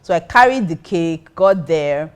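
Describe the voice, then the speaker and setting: Lively Nigerian woman telling a story. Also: lowish voice, measured pace, clear, resonant tone. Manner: lively, acts out quotes, mixes in Pidgin. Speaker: pastor, co-host. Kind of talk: casual storytelling chat.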